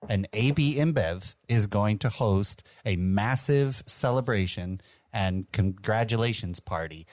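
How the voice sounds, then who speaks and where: Low-voiced easygoing podcast co-host. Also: male voice, measured pace, a little mellow, no echo. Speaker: podcast co-host, beer news. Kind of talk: casual chat.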